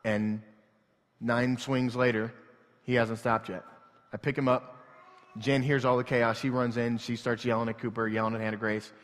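Male pastor, mid-pitched, earnest and emotional delivery, hushed to loud, long hall reverb. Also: flat delivery, moderate pace. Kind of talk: sermon.

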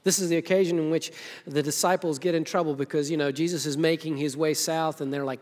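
A man preaching a sermon in a church, telling the story in a lively, casual way and acting out what the characters say. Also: a little high, quick pace, in a large hall. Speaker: pastor.

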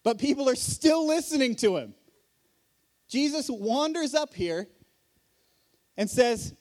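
A man's voice: very high-pitched, expressive, slow pace, long pauses, a little mellow. A man giving a sermon at a conference in a hall, preaching earnestly in a conversational way and asking rhetorical questions. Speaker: conference speaker.

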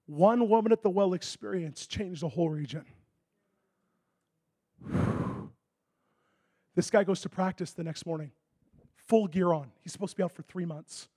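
A man preaching a sermon, telling a story with lively acted-out dialogue that swings from loud excitement to a hushed, intense tone. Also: high voice, unhurried, long pauses. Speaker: pastor.

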